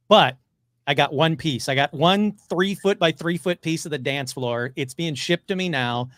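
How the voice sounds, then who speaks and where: Excitable man with a higher voice. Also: no room sound. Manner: excitable, gushing, rushes through stories. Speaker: podcast guest, paranormal investigator. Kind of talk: casual interview chat.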